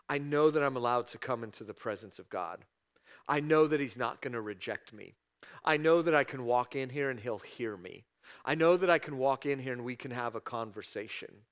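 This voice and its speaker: A man's voice: medium pitch, fairly bright tone, clear, resonant tone. Man preaching in a conversational sermon. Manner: conversational preaching, acts out prayers in raised voice. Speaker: pastor.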